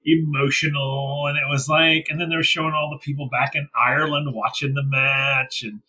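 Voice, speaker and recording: A man's voice: fairly high pitch, little pitch movement, normal speed, bright, forceful tone, poor audio. A man co-hosting a podcast, gushing in casual chat and retelling his own reactions to a wrestling show. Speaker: podcast co-host.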